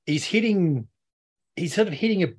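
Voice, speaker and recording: A man's voice: high voice, expressive, normal speed. A man co-hosting a rugby podcast, easygoing and self-deprecating, chatting casually with his guests. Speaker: podcast co-host, rugby expert.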